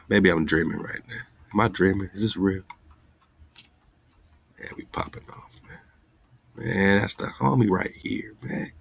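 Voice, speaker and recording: A man's voice: sits low, a little slow, creaky, long pauses, fairly bright tone. A man hosting an online radio show, talking loosely and straight to his listeners with an exasperated, easygoing manner. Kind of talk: casual live-stream talk.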